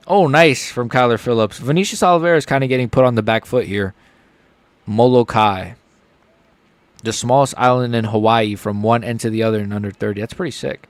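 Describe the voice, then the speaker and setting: A man streaming a live fight reaction, excitable and joking, often blurting out swear words. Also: medium pitch, moderate pace, no room sound.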